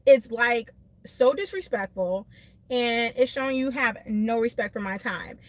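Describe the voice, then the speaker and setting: Animated woman venting on a live stream. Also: on the high side, measured pace. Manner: animated, emphatic, laughs often, talks to chat by name. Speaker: beauty vlogger doing a live stream. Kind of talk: casual venting rant to live viewers. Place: in a car.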